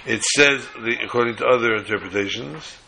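A man teaching a sermon on the weekly Torah portion in a measured, halting way, often restarting phrases. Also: medium pitch, gravelly, pushed and bright, a little hiss or hum, rough recording.

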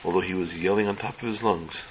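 Deep-voiced man telling a religious story. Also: fairly even intonation, a little hiss or hum, rough recording. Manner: slow, measured phrasing in short phrases.

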